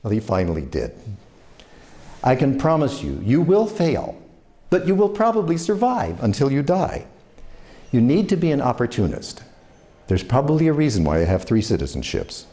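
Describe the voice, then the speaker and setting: With a New York accent and a medium-pitched, dark, sing-song voice, an older man offers career advice in a motivational talk at normal speed. He tells anecdotes and performs the voices of the people in his stories.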